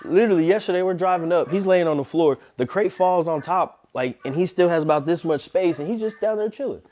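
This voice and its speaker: Animated dog trainer man with a high voice. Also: a little fast. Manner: animated storyteller, acts out quoted voices. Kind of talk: casual interview chat.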